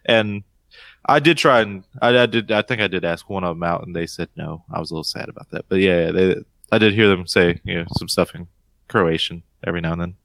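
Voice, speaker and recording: A man's voice: sits low, a little fast, creaky, no echo, clean studio sound. A man in his thirties from North Carolina, co-hosting a casual podcast, joking and swearing freely. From North Carolina, USA. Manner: animated, swears freely, jokey. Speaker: podcast co-host. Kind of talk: casual chat.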